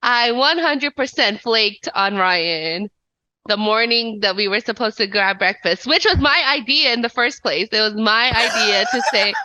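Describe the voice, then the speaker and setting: A woman's voice: on the high side, expressive, unhurried, sharp tone, dry recording. A woman co-hosting a podcast, telling a story casually with frequent giggles and apologies. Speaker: podcast co-host. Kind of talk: casual chat. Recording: slightly dull lo-fi mic.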